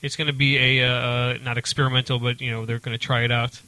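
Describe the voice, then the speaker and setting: A man's voice: medium pitch, flat delivery, quick pace, sharp tone, no room sound, poor audio. A man chatting casually as a podcast co-host, rambling with fillers and correcting the others. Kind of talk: casual chat.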